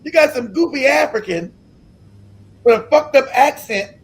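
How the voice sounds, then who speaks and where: A man hosting a live stream, ranting in an animated, incredulous way, swearing freely and breaking into laughter. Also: very high-pitched, moderate pace. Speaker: livestream host.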